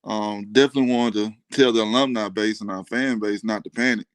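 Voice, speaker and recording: A man talking baseball as a guest on a sports chat, in a steady, matter-of-fact way with many pauses of "um". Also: fairly low pitch, dry recording. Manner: even, matter-of-fact, with frequent "um".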